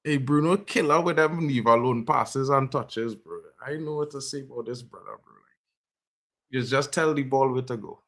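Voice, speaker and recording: A man hosting a fan livestream, reacting live to a football match in slangy chat and breaking into loud high yells at big chances. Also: moderate pace.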